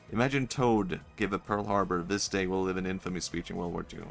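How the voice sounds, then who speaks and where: A man's voice: deep voice, moderate pace, vocal fry, faint music behind. A young man streaming a video game, rambling and joking, often swearing and laughing at his own bits. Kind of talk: casual gameplay commentary.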